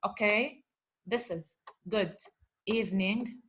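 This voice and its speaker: A woman's voice: medium pitch, slow pace, fairly bright tone, slight background noise. A woman teaching Arabic vocabulary to English speakers. She asks questions, answers them herself, repeats points, and calls her class guys. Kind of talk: explaining vocabulary from a lesson dialogue.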